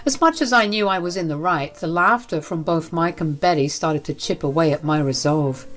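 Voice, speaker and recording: A woman's voice: deep voice, moderate pace, hardly any pauses, soft background music. A woman narrating a first-person drama story in an earnest, dramatic manner.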